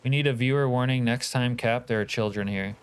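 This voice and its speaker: A man's voice: mid-range voice, a little fast, clear, resonant tone. A man from Canada streaming a multiplayer survival game, chatting casually with teammates and viewers, joking and swearing freely. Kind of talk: casual gaming livestream chat.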